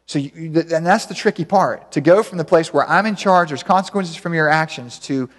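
A man's voice: a little high, fairly quick, hardly any pauses. A man preaching a sermon on parenting in a folksy, rambling way, often mimicking other people's voices for humor. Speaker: pastor. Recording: long hall reverb.

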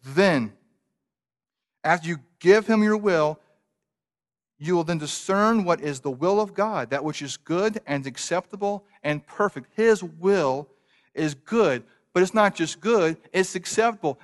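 A male pastor delivers a sermon in a slightly higher than usual voice. He builds to emphatic, loud passages, then sinks into quiet, drawn-out phrases. His words ring out in a hall with a long, lingering reverb. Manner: preaching with dramatic swells and hushed drops.

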